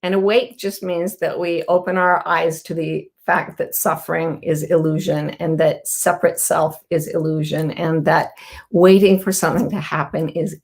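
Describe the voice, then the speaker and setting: A woman's voice: low-pitched, creaky. A middle-aged woman hosting a casual live talk, telling stories earnestly and acting out quoted people. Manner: warm, earnest, storytelling with quoted voices. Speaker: host.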